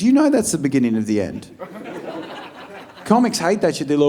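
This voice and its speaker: A young Australian man doing a stand-up set, blunt and deadpan with sudden loud outbursts. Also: on the high side, a little fast, pauses often. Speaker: stand-up comedian. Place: comedy club stage with audience.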